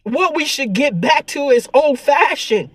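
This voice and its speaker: High-voiced tearful woman vlogger. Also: lively intonation, measured pace, dry recording. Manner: earnest, preachy and repetitive. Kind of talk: emotional spiritual vlog monologue.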